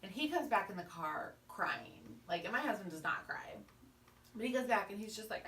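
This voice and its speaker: A woman's voice: mid-range voice, animated, normal speed, bright, forceful tone. A woman in her thirties, a mother and co-host, telling a family story in casual chat and acting out what people said. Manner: storytelling, acts out quotes. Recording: echoey room, distant mic, faint noise.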